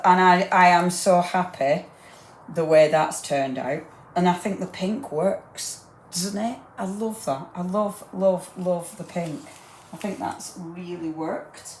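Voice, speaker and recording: A woman's voice: fairly low pitch, a little mellow, a little hiss or hum. A woman, chatting enthusiastically and rambling as she demonstrates a craft project live and talks to viewers by name. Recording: roomy echo.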